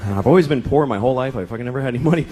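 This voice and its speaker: A middle-aged man performing stand-up on a stage mic before a live crowd, his delivery bouncy and full of swings in pitch. He tells crude, exasperated stories and slips into mocking voices. Faint laughter and room noise sit under him. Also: lively intonation, rapid-fire, dark tone. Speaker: stand-up comedian. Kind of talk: stand-up comedy set.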